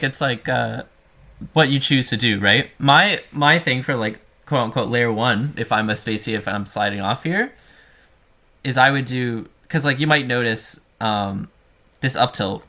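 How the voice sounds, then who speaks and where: A man coaching a student over gameplay in a relaxed, talky way, full of fillers and restarts. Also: medium pitch, normal speed.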